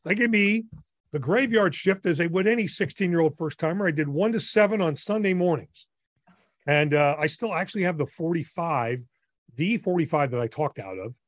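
A man's voice: on the high side, moderate pace, dry recording. Enthusiastic older radio DJ, man. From New Jersey. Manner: enthusiastic, animated storyteller. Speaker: radio DJ, guest. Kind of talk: casual interview storytelling.

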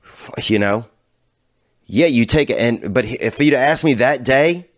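A man hosting a casual talk show, telling a rambling, profane story that drifts from low mutters to loud hyped bursts. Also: animated, a little slow, dry recording, clean studio sound. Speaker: podcast host.

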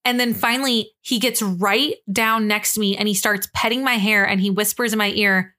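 A young woman co-hosting a podcast, telling a story in an animated, casual way, swearing freely and acting out the quotes. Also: mid-range voice, normal speed, hardly any pauses. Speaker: podcast co-host.

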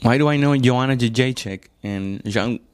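A man's voice: mid-range voice, moderate pace, clear, resonant tone, no echo. A man doing a casual comedic monologue, rambling and profane, often stopping to correct himself and calling the listener "dude". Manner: laid-back, addresses listener as "dude".

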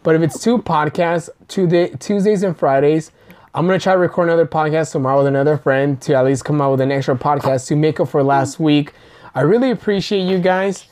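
A woman's voice: deep voice, a little fast, a little mellow. Profane, laughing young woman podcaster. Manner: loose, profane storytelling with frequent laughter. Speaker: podcast host. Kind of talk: casual chat.

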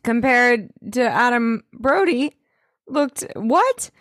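A woman's voice: a little high, lively intonation, slow, fairly bright tone, no room sound, clean studio sound. A woman co-hosting a podcast in casual recap chat, who swears freely and laughs easily. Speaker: podcast co-host.

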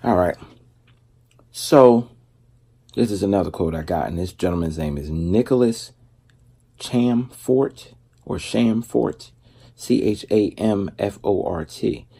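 Deep husky man talking casually. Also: normal speed, warm tone. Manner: loose, conversational, with many fillers and asides. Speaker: vlogger. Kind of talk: casual faith-based talk.

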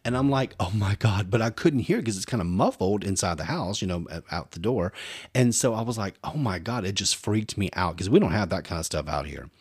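A man, co-hosting a podcast and telling animated stories, acting out voices as he goes. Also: on the low side, a little fast, breathy edge, dry recording, studio quality. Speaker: podcast co-host. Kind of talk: casual storytelling chat.

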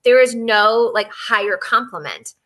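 A woman's voice: fairly high pitch, expressive, a little slow, a bit bright. A woman chatting on a casual podcast, gossipy and rambling with many fillers. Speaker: podcast guest. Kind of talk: casual chat.

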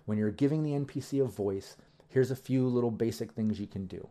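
A man who runs tabletop games, giving casual advice in a rambling, relaxed way full of ums and you-knows. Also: medium pitch, a little fast. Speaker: game master giving tips. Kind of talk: casual instructional talk.

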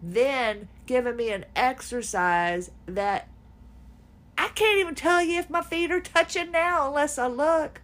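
High-voiced woman venting sarcastically. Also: a little slow, fairly bright tone. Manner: exasperated, sarcastic storytelling with laughs. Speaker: podcast host. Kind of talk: casual personal venting monologue.

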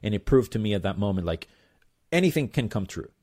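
A man's voice: on the low side, big pitch swings, fast, dark tone. A male percussionist, a guest in an interview, telling his story in a casual, rambling way with plenty of fillers. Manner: rambling, loose, lots of fillers and "blah blah".

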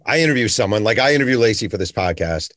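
Low-voiced man hosting a podcast. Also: lively intonation, fast, fairly bright tone, no room sound, clean studio sound. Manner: conversational, storytelling. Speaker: podcast host. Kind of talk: casual podcast interview.

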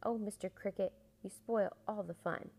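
Cheeky fibbing wooden boy from a storybook, warm gravelly tone; a woman reads him. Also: on the low side, fairly quick. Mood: pouting. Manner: cheeky, pouting.

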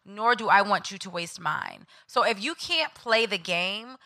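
A woman in her thirties co-hosting a podcast, telling profane, animated stories in casual chat and acting out what people said. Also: medium pitch, a little slow. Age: 30s. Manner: animated storytelling, profane, acts out quotes. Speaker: podcast co-host.

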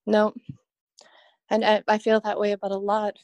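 A woman's voice: mid-range voice, monotone, normal speed, darkish tone, no room sound. A woman guest on a podcast, talking in a rambling, earnest way and laughing often. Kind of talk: casual podcast chat.

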